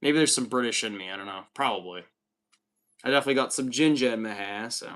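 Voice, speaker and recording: Bright, upbeat American man streaming. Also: medium pitch, fast. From United States. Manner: upbeat, reads chat messages aloud. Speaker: livestream host. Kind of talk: casual livestream chat.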